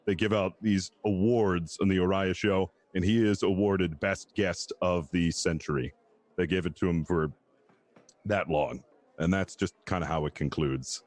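A man's voice: low-pitched, a little slow, a little mellow, no echo. A man narrating a tabletop role-play as game master, rambling and amused. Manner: rambling, amused, filler-heavy.

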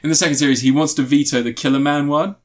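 A man's voice: fairly high pitch, steady tone, fast talker, a little mellow. A man chatting casually on a podcast, retelling a TV series in a rambling way, restarting his sentences and laughing as he goes. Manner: rambling, restarts often, laughs while telling. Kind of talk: casual chat recapping a TV series.

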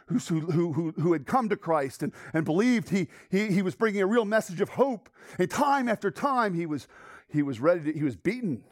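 A man preaching a sermon, animated and storytelling, dropping to hushed asides and rising to loud exclamations. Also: high voice, no echo, studio quality. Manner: frequent restarts and laughs while telling stories.

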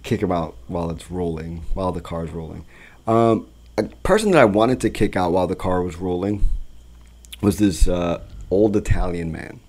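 A man co-hosting a casual chat, telling animated, profane stories about his rideshare passengers and laughing often. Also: low-pitched, normal speed. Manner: animated, profane storytelling that acts out voices; laughs often while talking. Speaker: podcast co-host recounting rideshare driving.

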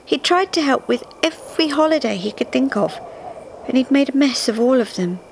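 A woman storyteller giving an expressive, measured live reading of a festive tale in a theatre. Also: sits high, vocal fry, a little hiss or hum, low-quality recording.

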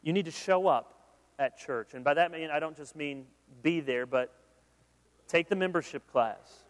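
A man preaching in a large hall, his slightly high voice carrying with a long reverb. He talks in an animated, conversational way, joking with the crowd, then turning earnest. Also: normal speed. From Michigan, USA. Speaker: pastor. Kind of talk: sermon.

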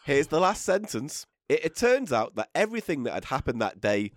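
A man hosts a casual comedy podcast, teasing the others and laughing easily. His voice is a little high and very lively in pitch. The sound is dry and close to the mic. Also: brisk, dry recording. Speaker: podcast host.

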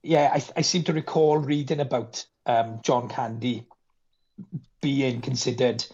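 Chatting casually about a film as a podcast guest, this Welsh man throws himself into acting out its lines. He has a mid-range, darkish voice with a breathy edge, a steady tone and an unhurried pace, heard through dull lo-fi sound.

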